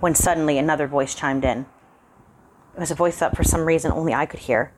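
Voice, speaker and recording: A woman reading a spooky short story aloud, calmly narrating in the first person. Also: deep voice, fairly quick, a little hiss or hum.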